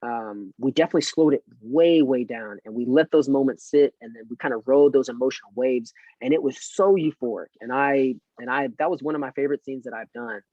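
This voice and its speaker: Man, actor guest, casual rambling podcast chat, mid pitch, dry close sound, dull lo-fi mic. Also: a little fast, hardly any pauses, no echo. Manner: relaxed and rambling, with many fillers.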